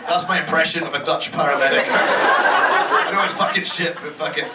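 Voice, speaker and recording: A man's voice: a little high, wildly swooping pitch, moderate pace, over a noisy crowd. Brash Scottish man doing stand-up. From Scotland. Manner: brash, profane storytelling with acted-out voices. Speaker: stand-up comedian. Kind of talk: stand-up comedy set. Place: comedy club stage with audience laughter. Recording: echoey club room, distant mic, loud background noise.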